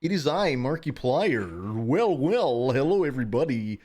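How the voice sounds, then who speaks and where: A man's voice: mid-range voice, big pitch swings, a little slow, a little mellow, slight background noise, voice pushed up. A man putting on a mock impression of a streamer, speaking in a stiff, unnaturally formal announcer voice. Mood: pompous announcer. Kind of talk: joking impression on a live stream.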